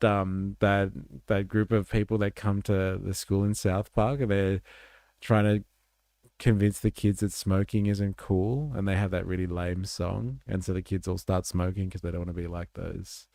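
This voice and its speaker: Gravelly low-voiced man streamer. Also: no room sound, studio quality. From Australia. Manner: laid-back, joking, swears freely, laughs loudly. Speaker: live stream host reacting to videos. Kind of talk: casual live reaction chat.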